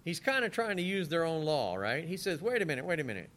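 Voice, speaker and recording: A man's voice: fairly high pitch, big pitch swings, fast, fairly bright tone. A man preaching a sermon, reading scripture aloud and acting out the scenes in different voices.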